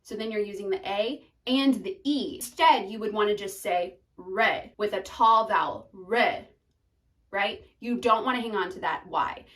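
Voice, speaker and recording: A woman's voice: medium pitch, normal speed, hardly any pauses, a bit bright, distant mic, rough recording. A young woman teaching singing terms in a chatty, upbeat way, breaking into short sung notes as examples.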